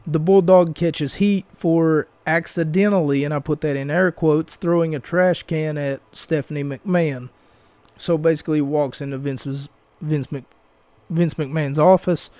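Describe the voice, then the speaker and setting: A man's voice: fairly high pitch, steady tone, measured pace, dark tone, dry recording. A man hosting a podcast, recapping wrestling in a rambling, casual way with restarts and asides. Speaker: podcast host.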